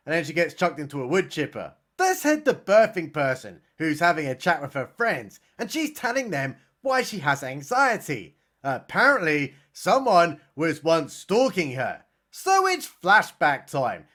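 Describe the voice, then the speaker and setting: A man's voice: high-pitched, fairly bright tone. A man with a British accent giving a sarcastic, comedic recap of a horror film, with mock-dramatic outbursts. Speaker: film reviewer.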